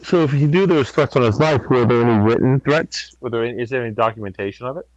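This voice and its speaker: A man playing a tabletop game, halting and methodical, asking careful questions, on a dull lo-fi mic. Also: medium pitch, no echo. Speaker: player. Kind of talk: tabletop role-play.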